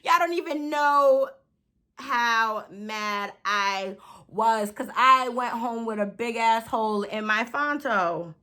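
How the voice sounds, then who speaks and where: A young woman, telling a story in a casual, profane, animated way while doing her makeup. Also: sits high, slow. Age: 20s. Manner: animated, profane, laughs often, acts out her own quotes. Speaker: beauty vlogger.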